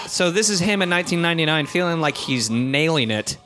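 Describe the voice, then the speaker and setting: A man's voice: fairly high pitch, expressive, normal speed, a bit bright, soft background music. A man co-hosting a podcast, chatting playfully about a movie and laughing often. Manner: laughing, playful, riffs with impressions. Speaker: podcast co-host. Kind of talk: casual movie commentary chat.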